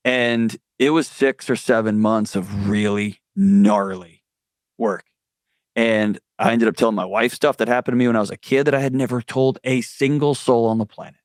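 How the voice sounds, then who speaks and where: A man's voice: fairly low pitch, steady tone, a little fast, no echo. Earnest man, dry close sound. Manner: earnest, candid storytelling. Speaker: guest mental health expert. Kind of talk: conversational interview.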